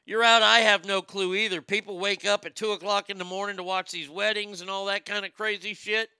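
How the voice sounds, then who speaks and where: A middle-aged man hosting a comedic show segment, ranting loudly and profanely and repeating himself. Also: high-pitched, flat delivery, a little fast, smooth, no echo, studio quality. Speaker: show host.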